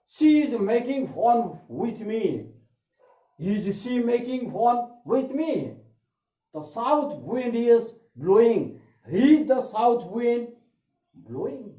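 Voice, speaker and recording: A man teaching an English grammar lesson, repeating each example sentence slowly. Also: very high-pitched, mellow. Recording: echoey room, dull lo-fi sound.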